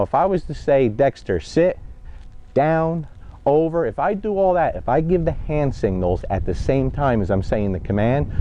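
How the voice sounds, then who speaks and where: A man's voice: medium pitch, dark tone, a little hiss or hum. Blunt New man coaching dog handling. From New Jersey, USA. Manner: direct, conversational, keeps checking in with "okay?" and "guys". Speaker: dog trainer. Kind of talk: instructional vlog while training a dog. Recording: dull, muffled lo-fi mic.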